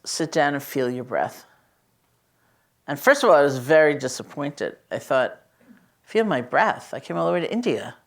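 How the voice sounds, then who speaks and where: A woman meditation teacher speaking in a conversational, storytelling way, gently emphatic as she teaches about loving kindness. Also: very deep voice. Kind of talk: reflective teaching talk.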